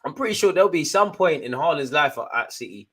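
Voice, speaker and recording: A young man hosting a live football watchalong, giving chatty, jokey running commentary full of slang, jumping between excited outbursts and low muttered asides. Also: fast talker, husky. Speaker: fan watchalong host.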